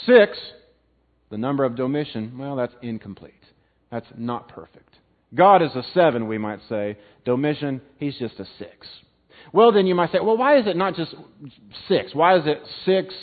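A man teaching an evening Bible lesson to a live class, emphatic, swinging from loud stresses to quiet drops and repeating words. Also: a little high. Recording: tinny phone-like sound.

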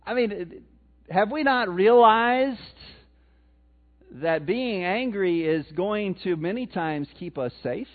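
The high-voiced pastor takes a slow, expressive approach to his sermon, conversing with the congregation and putting questions to them. His voice comes through thin and tinny, resembling a phone line.

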